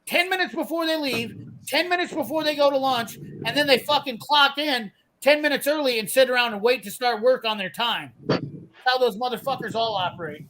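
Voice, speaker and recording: A man's voice: very high voice, fairly quick, sharp tone, a little hiss or hum, low-quality recording. A man, ranting profanely and bluntly as he tells a work story in casual chat. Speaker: host telling a work story.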